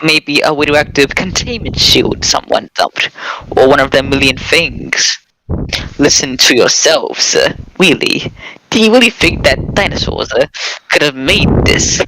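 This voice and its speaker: A man's voice: on the high side, animated, unhurried, sharp tone, heavily acted, poor audio. A man reading the lines of a dismissive, lecturing male professor. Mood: scoffing. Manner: scoffing, lecturing. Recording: clear background noise.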